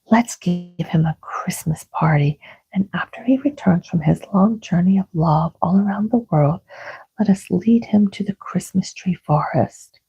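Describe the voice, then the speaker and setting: A kindly fairy king calmly lays out a plan in a low, gravelly whisper, as a woman reads him. It is a whispered role-play from a bedtime storybook, slow and dull on a lo-fi recording. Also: no room sound, soft background music, heavily acted. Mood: eager.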